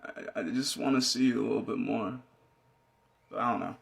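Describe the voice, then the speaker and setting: A man's voice: mid-range voice, normal speed, vocal fry. A man reciting pleading, rambling spoken word poetry, interrupting himself.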